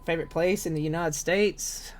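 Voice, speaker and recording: A man's voice: a little high, fairly even intonation, moderate pace. A man from Tennessee with a Southern accent, chatting loosely and swearing casually on a live game stream. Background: game music.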